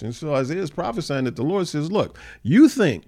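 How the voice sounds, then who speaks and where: A man leading an informal Bible study, reading scripture aloud and then explaining it conversationally, with frequent fillers and animated, mocking paraphrases of the people in the text. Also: a little high, brisk, hardly any pauses. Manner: animated, acts out the scoffers' voices in a mocking tone. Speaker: Bible teacher.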